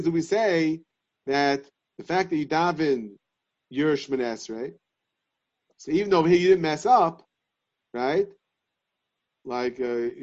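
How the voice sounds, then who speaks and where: A man giving a Talmudic lesson, reasoning aloud in halting, repeated phrases. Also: fairly high pitch, darkish tone. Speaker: Torah class teacher. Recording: dull lo-fi sound.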